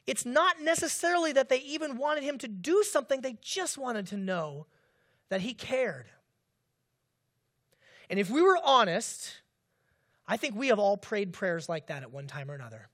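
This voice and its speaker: Lively preacher man with animated delivery. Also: sits high, moderate pace. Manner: animated, dramatizes the disciples' cries, asks the congregation questions. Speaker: pastor. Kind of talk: sermon.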